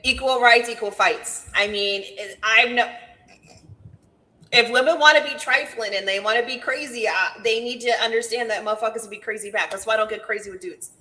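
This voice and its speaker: A young woman with a bright, forceful voice, a bit higher than most, talks bluntly and jokes as she tells a story. Her chat is loose and casual, with plenty of swearing. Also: fairly even intonation, fairly quick, poor audio.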